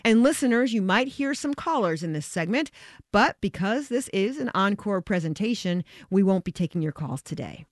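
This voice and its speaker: A woman's voice: mid-range voice, expressive, moderate pace, no room sound. A woman hosting a radio interview in a studio, upbeat and conversational. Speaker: radio host.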